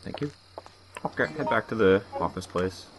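A man's voice: fairly low pitch, expressive, normal speed, background noise. A young man co-hosting a let's play, teasing his partner and explaining the game mechanics in casual commentary. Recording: game music behind.

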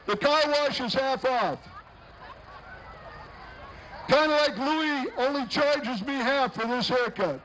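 A man's voice: extremely high pitch, slow pace, pauses often, a bit bright, a little hiss or hum, low-quality recording. A man announcing a street parade outdoors, joking and bantering with the people passing by. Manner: jokey, bantering with passing entrants. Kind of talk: live parade commentary.

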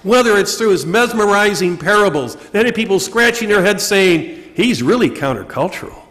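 A man preaching a sermon with a high voice for a man, asking questions and answering them himself. He slows down to stress key words. The sound carries the long reverb of a large church. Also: fairly bright tone. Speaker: priest. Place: church during Mass.

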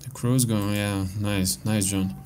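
A man's voice: lowish voice, fairly even intonation, slow, a little mellow, slight background noise. A man commentating his own playthrough of a horror game, swearing a lot and reacting with startled outbursts. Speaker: gameplay commentator. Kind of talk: let's play commentary.

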